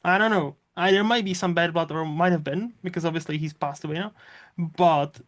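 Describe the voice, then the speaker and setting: A man with a slightly higher voice hosts a laid-back movie podcast. He rambles through his thoughts, leans on fillers and swears freely. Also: brisk, a bit bright. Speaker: podcast host. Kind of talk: casual movie chat.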